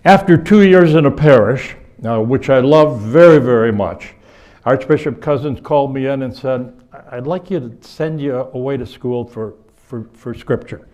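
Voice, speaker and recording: Older bishop: anecdotal lecturer who restarts his sentences, mid-pitched voice. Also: normal speed. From United States. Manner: rambling, self-correcting, warm anecdotal. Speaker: bishop giving a conference talk. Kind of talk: storytelling lecture. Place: conference hall before an audience.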